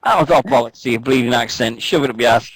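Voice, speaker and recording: A man co-hosts a radio show in loose, joking banter. He swears freely and rambles through anecdotes at a mid-range pitch. The sound is dry and close. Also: fast, no echo, poor audio.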